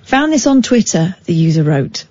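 A woman's voice: lowish voice, sing-song, normal speed, darkish tone, no echo, muffled recording. A woman with an English accent co-hosting late-night radio, wry and teasing as she reads out odd stories. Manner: wry, teasing, laughs easily. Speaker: radio co-host.

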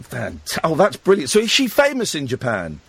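A man hosting a late-night radio phone-in from a studio, excitable and jokey, laughing often. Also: on the high side, normal speed, creaky, slightly rough. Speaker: radio host. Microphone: studio microphone.

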